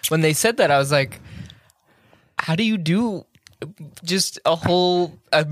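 A young man on a casual podcast who talks slowly, his pitch swinging around with lots of life. He rambles and laughs easily, and the sound is dry and close to the mic. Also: lively intonation, dry recording. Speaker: podcast co-host. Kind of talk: casual chat.

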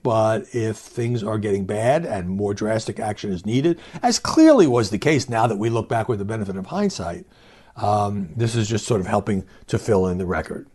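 A man's voice: on the low side, a little mellow, husky. A man hosting a solo podcast, giving commentary with wry, mocking asides. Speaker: podcast host.

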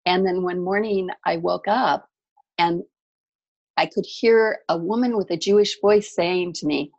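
A middle-aged woman from California, a guest telling her story in a reflective way with many soft pauses. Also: on the low side, highs cut off. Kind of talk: personal storytelling in conversation.

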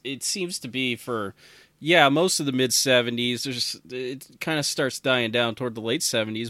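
A relaxed male podcast host tells a story in a casual, halting way and chuckles between thoughts. His pitch sits in the middle range. The mic is close and dry. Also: no room sound.

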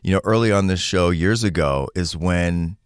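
Animated man acting out quotes in chat. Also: low voice, moderate pace, no room sound, studio quality. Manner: animated, acts out quotes while recounting. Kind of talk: casual chat.

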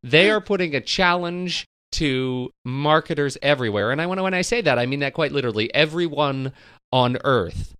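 A man's voice: a little high, expressive, normal speed, fairly bright tone, smooth, dry recording, clean studio sound. A man co-hosting a casual marketing podcast, telling a story wryly and reading quotes aloud. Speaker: podcast co-host. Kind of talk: casual chat.

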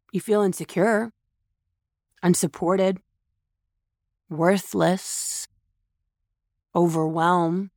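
This mother talks openly about feelings in a relaxed motivational monologue, and she's blunt and forceful, frequently repeating herself and starting phrases over. She speaks at a medium pitch in studio-quality audio without echo.

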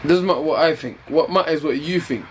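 A man's voice: a little high, quick pace, slight background noise, poor audio. A man being interviewed during fight week, talking in a laid-back, teasing and rambling way.

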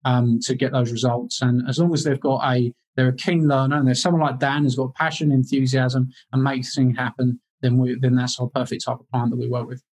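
A man's voice: mid-range voice, level tone, brisk, hardly any pauses, darkish tone. A man, a business coach, giving an interview in a confident, motivational way, repeating words for emphasis. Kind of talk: casual interview.

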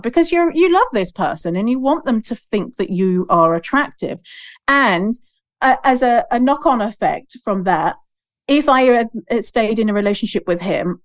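A woman's voice: mid-range voice, no echo, studio quality. A woman guest on a podcast, talking candidly and emphatically, swearing freely. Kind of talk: candid conversational podcast talk.

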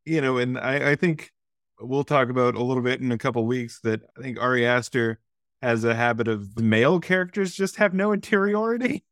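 A man's voice: medium pitch, fairly quick, no echo, studio quality. A man co-hosting a casual movie podcast, critiquing the film analytically with stammered restarts. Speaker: podcast co-host.

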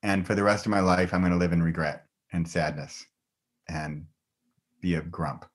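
Upbeat middle-aged man on a podcast, with a fairly low voice that jumps up in his excited, laughing moments. He chats casually and openly as a guest. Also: normal speed. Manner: enthusiastic, upbeat, laughs often. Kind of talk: casual conversation.

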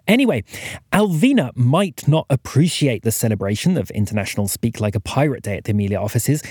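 A man's voice: on the high side, darkish tone, slightly rough, dry recording, clean studio sound. A man hosting a podcast, introducing the episode in a friendly, informal way. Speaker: podcast host. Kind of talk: show introduction.

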